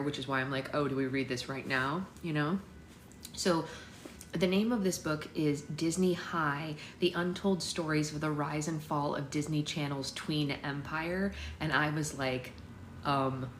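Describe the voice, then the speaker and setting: Chatty woman hosting a book club livestream. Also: deep voice. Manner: chatty, greets viewers by name. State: hiccups. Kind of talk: casual livestream chat and read-aloud. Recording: echoey room with faint noise.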